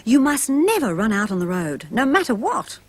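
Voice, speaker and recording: A woman's voice: fairly high pitch, very animated, normal speed. A woman voicing a caring young father in a children's storybook, protective and warning. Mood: firm.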